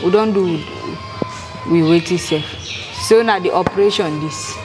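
A young woman with a West African pidgin English accent giving a halting, plain-spoken personal testimony, re-enacting scenes aloud as she tells them. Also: lowish voice, music in the background, crowd noise. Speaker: former child soldier giving testimony.

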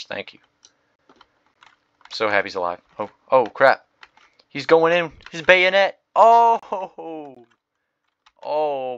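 Young male gaming host, low voice with a bright, tense edge, slangy play-by-play reactions, dull home-mic sound. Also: no echo. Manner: excitable, slangy, reactive, swings from loud outbursts to mumbled asides. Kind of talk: live gameplay commentary.

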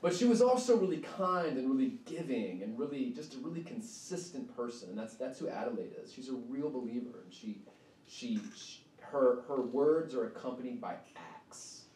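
A man's voice: mid-range voice, animated, moderate pace, darkish tone. A male author giving a conversational public talk at a university, often asking "right?". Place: university event hall. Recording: echoey hall, mic from far off, faint noise.

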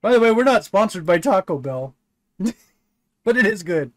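High-voiced man reading a game aloud. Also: big pitch swings, normal speed, no room sound. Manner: laughs often, swears casually, reads game text aloud. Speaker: co-host playing a text adventure. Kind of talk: casual gaming chat, reading story aloud.

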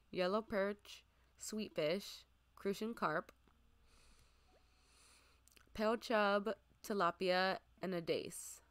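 A young woman with a bright, crisp voice chats through a game stream, naming things one by one in a relaxed way. Her close desk mic gives a dry sound with no room to it. Now and then she slips into a soft near-whisper. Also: lowish voice, dry recording. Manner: chatty, lists items aloud, drifts into soft near-whispers. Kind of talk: casual gameplay commentary.

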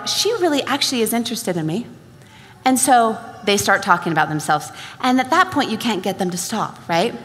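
A woman's voice: on the high side, a bit bright. A young woman giving a motivational stage talk at a sales event, acting out the dialogue in her stories with animation. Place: large event hall. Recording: reverberant hall.

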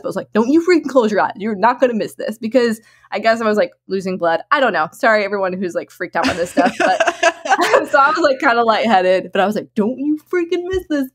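A woman telling a personal story in a casual, chatty way, laughing often and filling her talk with "like", her voice jumping up high when she gets excited. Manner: animated, swings into high excited tones. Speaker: guest sharing her birth story.

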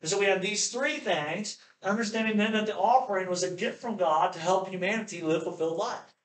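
Animated male preacher in an echoey hall. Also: high-pitched, a little fast. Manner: animated, playful, acts out quoted voices. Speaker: pastor. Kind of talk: sermon.

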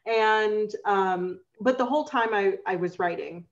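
A woman's voice: medium pitch, unhurried. Woman author on a muffled video call. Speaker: panelist romance author and lawyer. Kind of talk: casual panel chat on a video call.

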